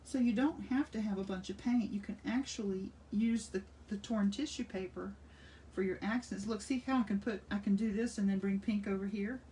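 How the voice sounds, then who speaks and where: Older woman art teacher, chatty and enthusiastic, mellow tone, slightly off-mic with faint hum. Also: medium pitch, moderate pace, distant mic. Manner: chatty and enthusiastic, thinking aloud while working. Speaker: art instructor. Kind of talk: casual craft demonstration.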